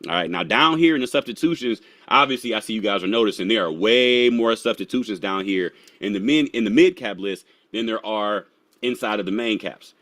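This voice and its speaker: A man hosting a casual crypto live stream, slangy and animated, laughing often and talking straight to his chat. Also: lowish voice, fairly quick, no echo.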